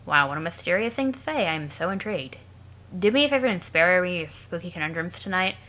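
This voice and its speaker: A woman's voice: fairly low pitch, animated, brisk, bright, forceful tone. Woman reading a snide, crude young troll guy. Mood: sarcastic. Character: irritable sarcastic young male troll.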